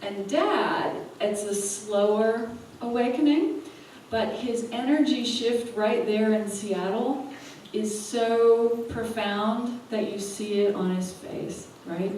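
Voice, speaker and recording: Woman, animated storyteller at a live talk; distant mic, echoey hall. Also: medium pitch, slow, hardly any pauses. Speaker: spiritual teacher and speaker. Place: event hall. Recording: echoey hall, from far off, faint room noise.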